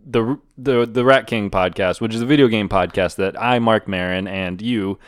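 A man's voice: on the low side, smooth, no room sound, clean studio sound, close to an everyday voice. A man putting on a rambling, stressed-out podcast host. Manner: rambling, pompous, halting with fillers. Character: neurotic stressed middle-aged male podcast host.

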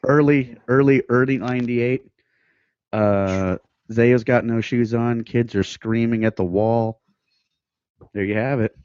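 A man's voice: mid-range voice, fairly even intonation, darkish tone, no room sound. Casual man, rambling storyteller, dry muffled close-mic sound. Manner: laughing, rambling storyteller with quick asides. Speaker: guest musician. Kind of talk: casual podcast chat.

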